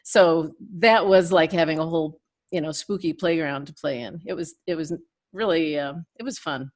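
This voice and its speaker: An older woman, a guest in an interview, tells chatty stories and laughs between anecdotes. Her voice is low-pitched and her pace moderate.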